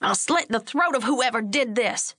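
A brash, hotheaded young ranch son, voiced by a woman narrator, raising his voice higher and pushing hard. He sounds indignant and quick to blow up. Dry close recording. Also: expressive, a bit bright, no echo.

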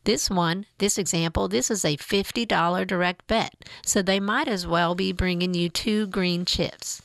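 A woman's voice: fairly low pitch, steady tone, moderate pace, vocal fry, fairly bright tone, no room sound. A woman reading as an upbeat casino dealing instructor. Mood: enthusiastic. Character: loud enthusiastic middle-aged female casino instructor.

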